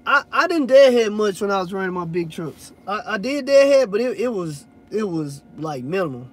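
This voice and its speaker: A man's voice: high voice, very animated, moderate pace. A man, a hotshot truck driver chatting loosely to viewers in a rambling, swearing way. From Louisiana. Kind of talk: casual vlog chat answering viewers.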